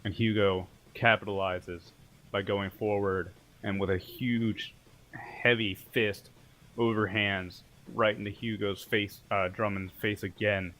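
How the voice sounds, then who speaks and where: Man, low voice, casual game master narrating a tabletop battle. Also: a bit bright, slight background noise. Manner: casual, storytelling, joking.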